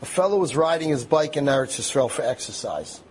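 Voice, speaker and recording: A man telling a dramatic story aloud, acting out the quotes with lively animation. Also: mid-range voice, fairly quick, faint music behind.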